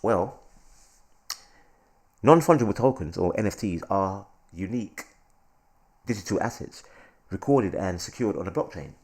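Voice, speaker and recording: A man hosting his crypto channel, excitable and repetitive, always calling out to his viewers in casual hype commentary. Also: low voice, unhurried, pauses often.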